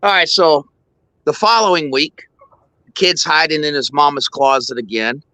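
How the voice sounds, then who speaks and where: Male host, rambling casual storyteller, bright voice, dry sound. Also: a little high, normal speed, no echo, poor audio. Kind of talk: joke telling, casual chat.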